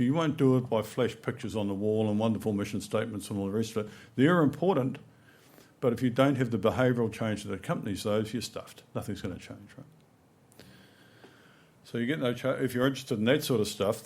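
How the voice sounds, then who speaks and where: Middle-aged New man at a conference, easygoing storyteller, mid-pitched voice. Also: darkish tone. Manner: conversational, anecdotal, frequent "right?" and "you know". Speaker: conference speaker. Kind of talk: conference presentation. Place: conference hall.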